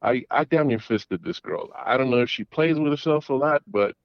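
A man's voice: medium pitch, moderate pace, no room sound. A middle-aged man, calling in, tells a long story in a rambling way, with restarts and repeated words. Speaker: caller. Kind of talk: casual storytelling. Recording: dull lo-fi audio.

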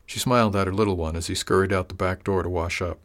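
A man reading a story aloud as narrator, calm and measured. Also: deep voice. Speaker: audiobook narrator.

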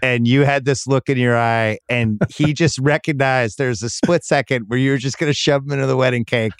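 A man's voice: medium pitch, fairly even intonation, a little fast, smooth, no echo, studio quality. A middle-aged man hosting a podcast, telling a wry, self-mocking family story in casual chat. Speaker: podcast host.

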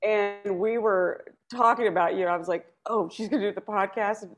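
A woman co-hosting a podcast, chatting in a rambling, giggly way with many halting restarts. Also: mid-range voice, fairly even intonation. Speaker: podcast co-host. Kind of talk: casual podcast chat.

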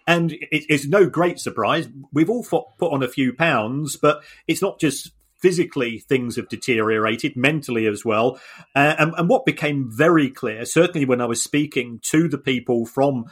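A man talking through an explanation in a casual podcast chat, with a mid-range voice that is neither high nor low. He often restarts his sentences and repeats words as he works through his points. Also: moderate pace, breathy edge. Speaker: podcast co-host.

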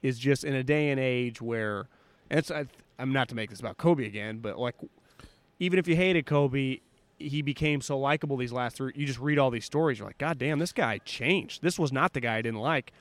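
Animated male podcast storyteller, dry mic. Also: medium pitch, a little fast, dry recording. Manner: animated storyteller, acts out quotes. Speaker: podcast co-host. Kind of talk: casual sports chat.

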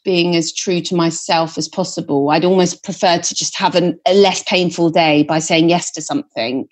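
A woman's voice: on the low side, steady tone, normal speed. A woman in her thirties, a singer-songwriter guest talking candidly, chatty and self-deprecating, swearing freely. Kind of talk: candid podcast conversation.

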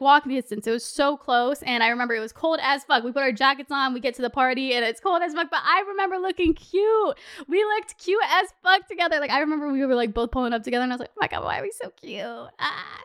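A woman's voice: on the high side, a bit bright, clear, resonant tone. A young woman in her twenties hosting a podcast, telling a story in a chatty way, swearing often and saying "like" a lot. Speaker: podcast host. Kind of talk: casual storytelling.

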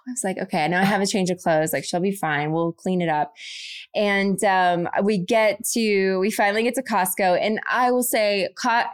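Woman, 30s, podcast co-host, casual storytelling, animated, laughs often, middle pitch. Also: smooth.

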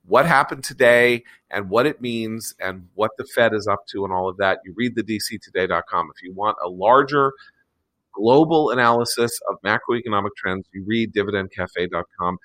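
A man hosting a political talk show, chatting casually and reading a sponsor spot, animated and sarcastic, with frequent digressions. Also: lowish voice. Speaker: podcast host.

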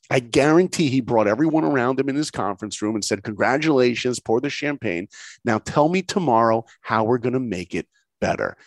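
A middle-aged man telling a personal story in conversation, lively and acting out the voices of people he quotes. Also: fairly low pitch, dry recording. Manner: lively, acts out quoted voices, laughs often. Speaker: guest storyteller.

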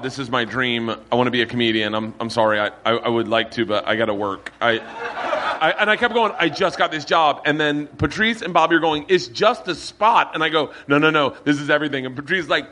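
Animated man telling stories to a crowd. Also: fairly high pitch, a little fast. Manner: animated, swearing, acts out voices in anecdotes. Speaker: comedian podcast host. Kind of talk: storytelling to a live audience. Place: bar with live audience.

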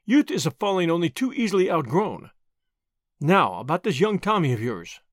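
A man voicing a shrewd, measured older lawyer in an audiobook, with a dry, authoritative delivery. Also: high-pitched, very animated, no room sound. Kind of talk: audiobook character voice.

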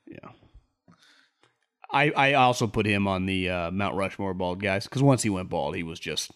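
A man's voice: deep voice, lively intonation, moderate pace, a bit bright, clear, resonant tone. A man co-hosting a sports podcast, rambling in casual chat and jumping his voice up to quote people. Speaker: podcast co-host.

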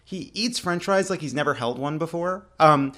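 A man with a slightly raised voice tells a story in relaxed podcast chat. He often breaks into laughter and pushes hard on his points. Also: on the high side, moderate pace. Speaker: podcast co-host. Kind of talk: casual chat.

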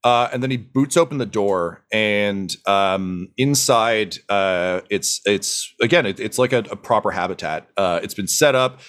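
A man's voice: lowish voice, a little slow, few pauses, fairly bright tone, clear, resonant tone. A man running a tabletop game as game master, narrating with many hesitations and fillers.

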